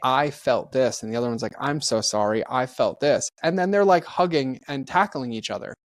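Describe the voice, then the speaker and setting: A man's voice: medium pitch, moderate pace, no echo. Earnest man telling heartfelt stories. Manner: earnest, heartfelt, acts out the people in his stories; peppers speech with "like". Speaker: podcast guest. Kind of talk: candid conversational storytelling.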